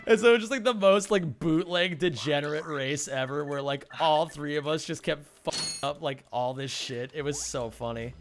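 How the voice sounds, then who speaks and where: A man's voice: on the high side, steady tone, moderate pace, hardly any pauses, soft background music. A young man speedrunning a game, rambling through a funny story with frequent laughs and casual swearing. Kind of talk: casual chat while gaming.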